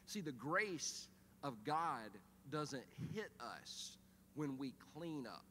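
Middle-aged male pastor, animated joking storyteller, slightly high bright voice, church-hall reverb. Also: takes it slowly, slight background noise. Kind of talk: sermon with storytelling. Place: church auditorium.

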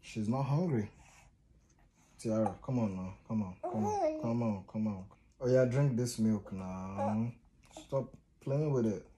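A man's voice: on the low side, very animated, unhurried, dark tone, a little hiss or hum. A young man with a Nigerian accent, a father filming himself at home as he coaxes his baby daughter to sleep, pleading and playfully scolding and repeating words over and over. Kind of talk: casual home vlog talk.

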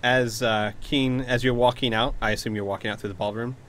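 A man narrating a tabletop game as game master, relaxed, with fillers and laughs. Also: medium pitch, fairly quick.

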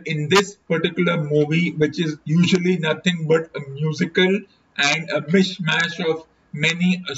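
A man's voice: a little high, vocal fry. A man hosting a solo podcast, giving wry commentary and reading a book aloud. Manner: slow, deliberate, wry commentary. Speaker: podcast host. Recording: muffled distant home mic with loud hiss.

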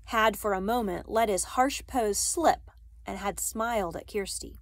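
A woman reads a novel aloud at a measured pace, careful over each sentence and correcting the odd slip. Her voice sits at an ordinary middle pitch. The recording is dry and close. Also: no room sound. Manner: careful, with small slips and self-corrections. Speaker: reader.

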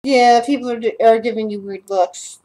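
A woman running a tabletop game as game master, narrating with frequent pauses and restarts. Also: a little high, fairly even intonation, warm tone, poor audio. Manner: hesitant, with many fillers and restarts.

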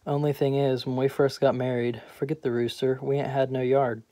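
Man reading as steady middle-aged wife, matter-of-fact, gently scolding, mellow tone. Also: medium pitch, a little fast, natural voice. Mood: chiding. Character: patient middle-aged wife, firm and grounded.

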